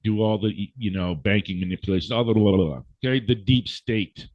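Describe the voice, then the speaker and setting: A man's voice: lowish voice, fairly quick, no room sound. A man speaking as a guest in a blunt, profane, lecturing rant, hammering his points home with emphasis. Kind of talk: blunt ranting conversation. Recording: dull, dry lo-fi audio.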